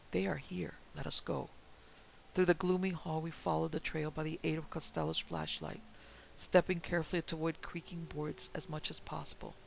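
A man narrating a pulp horror story in a measured, steady reading. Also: a little high, creaky, low-quality recording. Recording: faint hiss behind the voice.

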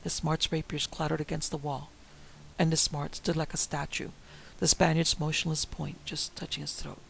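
Gravelly male audiobook narrator. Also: fairly high pitch, flat delivery, a bit bright, slight background noise, poor audio. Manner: dramatic, measured storytelling.

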